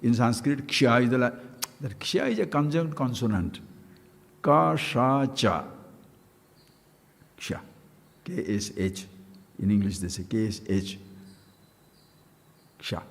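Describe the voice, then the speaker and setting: A man giving a spiritual discourse, playful and animated, chanting syllables with big leaps in pitch. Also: unhurried, gravelly, pauses often. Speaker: spiritual teacher. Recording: long hall reverb.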